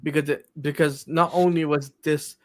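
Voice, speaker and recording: A man joining a casual movie discussion as co-host, speaking hesitantly with many fillers and pauses. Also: on the high side, fairly even intonation.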